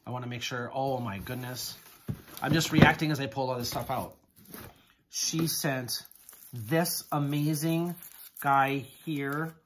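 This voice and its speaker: A man talks to his camera at home as he unpacks gifts, gushing over each one in an exclamatory way. His excitement carries through every line, with frequent gasps of amazement. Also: mid-range voice, a little hiss or hum. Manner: gushing, exclamatory, keeps repeating "oh my goodness". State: excited, hands shaking. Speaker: haul vlogger. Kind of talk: casual unboxing chat to camera.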